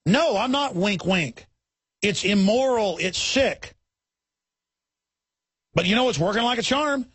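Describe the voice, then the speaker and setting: Brief: male talk radio host, high voice, indignant rapid-fire ranting, dry close mic. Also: lively intonation, breathy edge, no room sound. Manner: forceful, indignant, repeats words in rapid restarts. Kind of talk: heated talk radio monologue.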